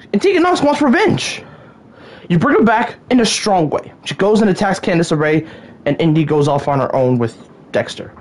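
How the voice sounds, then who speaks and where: A woman hosts a solo rant podcast in an exasperated tone, often sighing and stumbling over her words. Her voice is husky, and her pitch swoops widely between highs and lows. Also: a little mellow. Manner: exasperated ranting, sighs and stammers. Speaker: podcast host.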